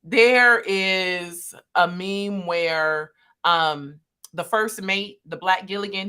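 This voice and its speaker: A woman co-hosting a casual livestream discussion, animated and laughing often. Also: mid-range voice, slow, clear, resonant tone. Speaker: co-host. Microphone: video call.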